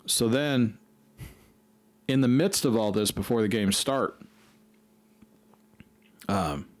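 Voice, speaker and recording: A man's voice: lowish voice, takes it slowly, dry recording. A man hosting a podcast, telling a rambling, profane story in casual chat. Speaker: podcast host.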